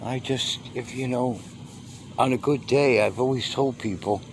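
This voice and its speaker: A man's voice: mid-range voice, unhurried. A man vlogging outdoors on a handheld phone, rambling and drifting off mid-thought before picking up again. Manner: meandering, trailing off and restarting. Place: outdoors among stray cats. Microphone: phone held in hand. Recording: phone audio with clear ambient noise.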